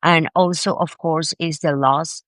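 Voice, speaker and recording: A woman being interviewed as a grief expert, telling a personal story in an animated, emphatic way and often repeating words. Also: deep voice, a little slow, no room sound. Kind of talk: conversational storytelling.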